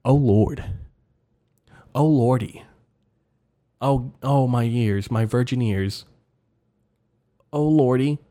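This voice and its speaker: A man's voice: medium pitch, slow, long pauses, warm tone, lightly acted. A man voicing a shocked, pious listener who prays fretfully and begs forgiveness. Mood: pleading. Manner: fussy, fretful praying.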